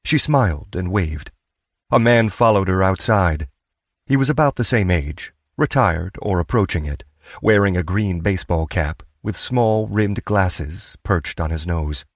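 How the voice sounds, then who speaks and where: A man reading an audiobook as narrator, steady and measured. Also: low voice, no room sound, studio quality. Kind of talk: scripted narration.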